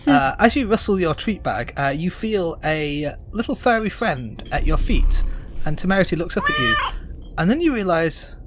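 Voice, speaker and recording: Relaxed game master narrating a scene. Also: mid-range voice, moderate pace, loud music behind the voice. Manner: relaxed, with many "uh" fillers.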